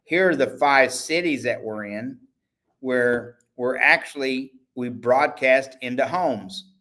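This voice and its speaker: A man talking off the cuff on his own livestream, chatty and rambling, with a salesman's pitch. He often stops mid-sentence to correct himself, and his voice sits at an ordinary middle pitch. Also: slow pace, sharp tone. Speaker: host and network owner. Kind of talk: casual livestream talk.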